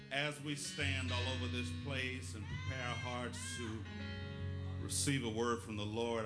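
A man's voice: mid-range voice, moderate pace, reverberant, over loud music. A male pastor preaching a call-and-response sermon, rhythmic and calling on the congregation for witnesses. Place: church sanctuary.

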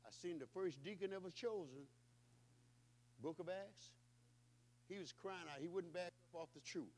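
A male pastor preaching a sermon with rhythmic, repetitive phrasing, swinging between loud calls and hushed passages. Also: on the high side, expressive, normal speed, long pauses, slight background noise. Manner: repetitive, call-and-response phrasing.

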